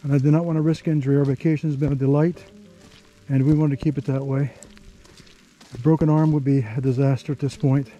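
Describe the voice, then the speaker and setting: A man narrating a hike to the camera on an outdoor canyon trail, easygoing and chatty, thinking aloud with pauses. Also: mid-range voice, steady tone, dark tone, muffled recording, faint music behind. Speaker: travel vlogger.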